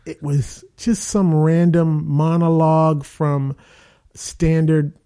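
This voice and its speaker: Gravelly, mellow-voiced man telling stories. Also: fairly high pitch, slow pace. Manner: rambling, animated anecdotes with many fillers. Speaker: actor, interview guest. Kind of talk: casual storytelling.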